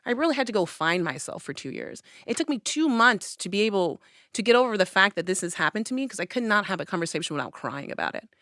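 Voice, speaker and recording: A woman's voice: medium pitch, big pitch swings, quick pace, fairly bright tone, no echo, clean studio sound. A young woman on a podcast, chatting casually and telling a personal story, acting out her own past lines with animation. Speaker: podcast host. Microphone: studio podcast mic.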